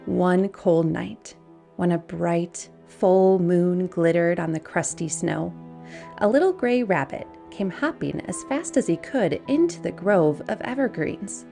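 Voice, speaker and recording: Slow, gravelly woman reading a storybook. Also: lowish voice, animated, faint music behind. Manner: gentle, unhurried read-aloud with soft hushed passages.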